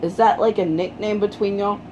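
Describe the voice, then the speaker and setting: A storyteller voicing an upbeat, admiring teenage schoolgirl hero in a fan retelling, pitched a bit higher than their own voice. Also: fairly even intonation, normal speed, background noise, lightly acted. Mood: eager.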